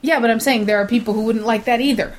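A woman's voice: fairly high pitch, fairly even intonation, fast. An American woman co-hosting a casual movie review chat, teasing and pushing back on her co-host's claims. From United States. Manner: teasing, pushes back, laughs easily. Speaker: podcast co-host.

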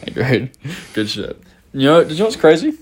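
A man's voice: on the high side, big pitch swings, moderate pace, husky. A man co-hosting a podcast in casual chat, making crude jokes, restarting his sentences and laughing a lot. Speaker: podcast co-host.

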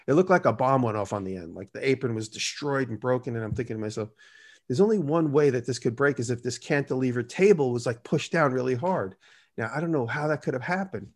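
A man's voice: mid-range voice, brisk. A man telling casual, rambling stories in an interview and acting out the dialogue in them. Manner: rambling, acts out quoted dialogue. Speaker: guest. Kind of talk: casual storytelling.

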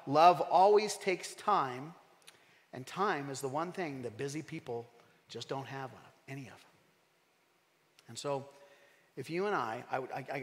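A man preaching a sermon as pastor, animated and emphatic, asking his congregation questions. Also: medium pitch, big-room sound.

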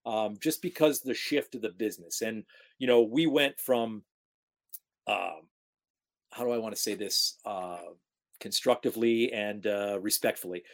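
A man's voice: on the low side, unhurried. A man in his forties from upstate New York, a sports broadcaster telling career stories in a casual interview, acting out the voices of the people in them. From Capital Region of New York. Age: 40s. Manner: animated storyteller, acts out quoted talk.

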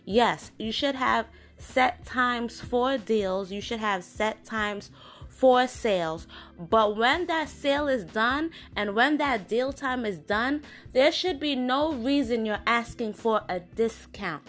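A woman's voice: fairly high pitch, animated, slow, fairly bright tone. A woman hosting her own show, giving a casual, frank opinion monologue with an indignant edge and lots of fillers and restarts. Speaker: podcast host.

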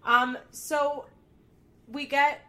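A woman's voice: sits high, little pitch movement, very slow, bright, forceful tone. A woman hosting a podcast in casual recap chat, frank and opinionated, mixing jokes with earnest advice. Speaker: podcast host.

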